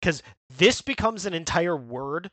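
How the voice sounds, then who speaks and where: Male co-host, upbeat and bright-toned, dry close mic, performs quotes with playful voices. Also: on the high side, measured pace, no room sound. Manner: animated, acts out lines in character voices. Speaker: podcast co-host. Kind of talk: casual chat.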